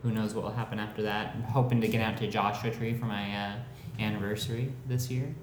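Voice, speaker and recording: A man co-hosting a podcast in a casual chat, easygoing and quick to laugh. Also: lowish voice, fairly even intonation, echoey room, slight background noise. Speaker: podcast co-host.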